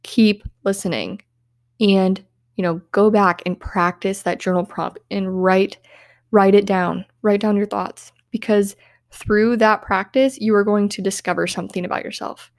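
A woman's voice: mid-range voice, fairly even intonation, unhurried, dry recording. Earnest young woman, dry close sound. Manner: earnest, heartfelt, uses "like" often. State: tearful, on the verge of crying. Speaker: podcast host. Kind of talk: self-help podcast monologue.

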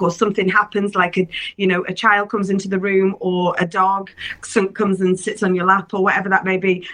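A woman's voice: mid-range voice, a bit bright. A woman co-hosting a podcast, chatty and jokey, often giggling. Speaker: podcast co-host. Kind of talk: casual podcast chat.

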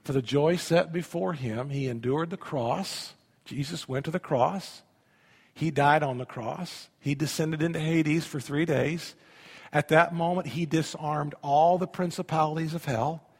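A pastor preaching a sermon, emphatic, with sudden drops to a quiet voice. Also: male voice, fairly high pitch, a little slow, breathy edge, big-room sound.

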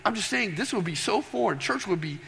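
A man preaching a sermon, animated and storytelling, tossing questions to the congregation. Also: sits high, a little fast, creaky, slight background noise. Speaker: pastor. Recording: long reverb of a large hall.

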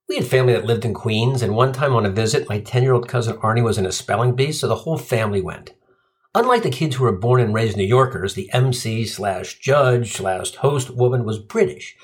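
A comedian telling a profane, sardonic stand-up story. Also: medium pitch. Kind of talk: stand-up routine.

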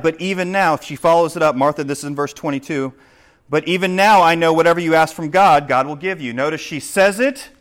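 A man preaching a sermon, swinging between loud, urgent questions and hushed explanation. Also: on the high side, brisk. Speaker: pastor.

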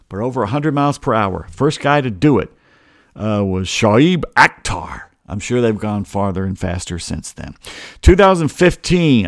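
A middle-aged man from Georgia hosts a relaxed on-this-day sports history segment. He wanders off on tangents and stalls when he loses his train of thought. His voice sits at an ordinary pitch and sounds dry and close, with no room echo. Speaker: sports talk host.

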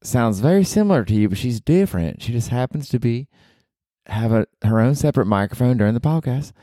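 A man's voice: mid-range voice, animated, brisk, mellow, no room sound, studio quality, voice pushed up, natural voice. A man voicing a teasing Southern girlfriend with a put-on US Southern accent who sweetly calls him honey. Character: sassy Southern girlfriend, young woman, teasing and doting.

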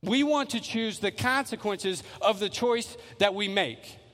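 A man's voice: high-pitched, measured pace, fairly bright tone, big-room sound. A male pastor preaching a sermon in a church, earnest and emphatic, repeating phrases as he builds. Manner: earnest, repetitive, emphatic with restarts. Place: church sanctuary.

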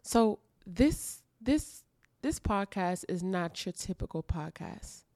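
A woman's voice: mid-range voice, animated, slow, a little mellow, no room sound, clean studio sound. A woman hosting her own podcast, speaking emotionally and earnestly and repeating phrases for emphasis in an intimate confessional monologue. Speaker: podcast host. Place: dark room at home.

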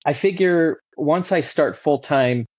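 A man talking as a podcast guest in a casual, animated way, with many fillers and restarts. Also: fairly high pitch, takes it slowly, husky, dry recording. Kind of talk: casual conversational interview. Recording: dull lo-fi dry sound.

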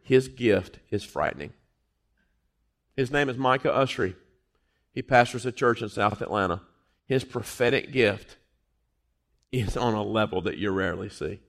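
A middle-aged man preaching a sermon, jumping from quiet, low asides to loud, high exclamations, with jokes and personal stories along the way. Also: normal speed, vocal fry, pauses often. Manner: joking, storytelling delivery.

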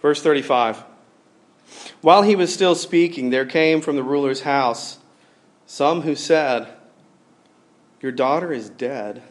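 A man's voice: fairly high pitch, measured pace, pauses often. A man in his thirties preaching a sermon, telling a personal story in a casual, rambling way with many fillers. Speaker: pastor.

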